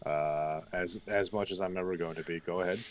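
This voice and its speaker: A man's voice: low-pitched, fairly even intonation, brisk, soft background music. A man playing a tabletop game, hesitant and groaning as he thinks aloud. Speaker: player. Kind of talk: casual tabletop play.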